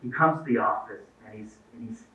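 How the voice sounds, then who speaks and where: A man's voice: mid-range voice, very animated, a little fast, pushed and bright. A middle-aged man giving a talk to parents, telling anecdotes and acting out the dialogue in them. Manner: storytelling, acts out quoted dialogue. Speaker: guest speaker. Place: event hall. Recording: echoey, distant, phone-like lo-fi sound.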